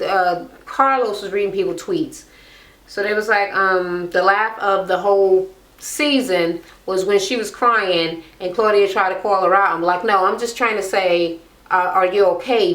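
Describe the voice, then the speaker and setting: A woman's voice: medium pitch, fairly bright tone, echoey room. A woman recapping a reality show in casual, blunt, profane chat, mimicking the people she talks about.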